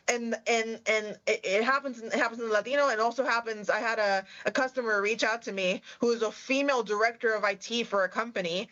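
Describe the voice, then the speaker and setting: A woman's voice: fairly high pitch, a little fast, few pauses, fairly bright tone. Puerto Rican accent, woman, chatty storyteller, slightly lo-fi sound. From Puerto Rico. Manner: chatty, storytelling, many fillers. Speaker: tech sales guest. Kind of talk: panel conversation.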